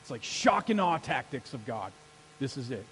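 A man preaching a sermon as pastor, energetic and rallying his congregation to answer back. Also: medium pitch, moderate pace, slight background noise, poor audio. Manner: energetic, rallies the congregation with call-and-response. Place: church sanctuary.

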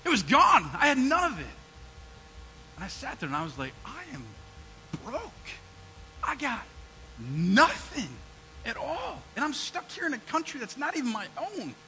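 A man's voice: extremely high pitch, moderate pace, long pauses, slight background noise, full character voice, low-quality recording. A man playing the brash, repentant prodigal son. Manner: animated storytelling, swings between loud and hushed. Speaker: preacher in character. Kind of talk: first-person narrative sermon monologue.

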